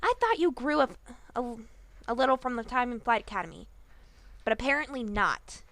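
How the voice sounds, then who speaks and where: A woman voicing a brash, furious young female griffin in a fan audiobook reading, shouting and confrontational with slangy talk. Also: on the high side, animated, moderate pace. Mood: accusing.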